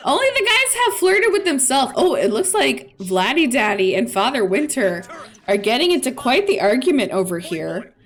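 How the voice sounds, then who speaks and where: A woman's voice: high-pitched, sing-song, moderate pace. A woman streamer chatting playfully through casual gameplay commentary. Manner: chatty, playful, with laughs and fillers.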